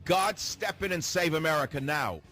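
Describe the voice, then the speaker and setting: A man's voice: on the high side, animated, moderate pace, pushed and bright, faint music behind. Fiery ranting radio host, man. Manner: fiery, ranting with rhetorical questions; repeats phrases for emphasis. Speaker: radio talk show host. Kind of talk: political radio commentary.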